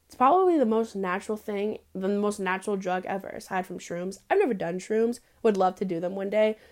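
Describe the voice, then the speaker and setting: A woman's voice: medium pitch, brisk. A young woman hosting a casual confessional monologue, sassy and full of profanity and slang. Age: young adult.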